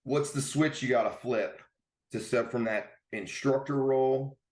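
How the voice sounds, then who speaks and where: A man's voice: medium pitch, fairly even intonation, a little slow. A man hosting a golf podcast, talking casually and emphatically, often tagging his points with "man" and "right.". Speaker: podcast host. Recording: roomy echo.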